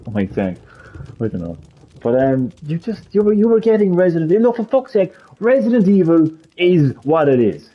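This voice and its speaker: Husky, swearing man ranting on a stream. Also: sits high, big pitch swings, fairly quick, dull audio. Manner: swears a lot, emphatic and repetitive. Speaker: live streamer. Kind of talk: heated gaming rant.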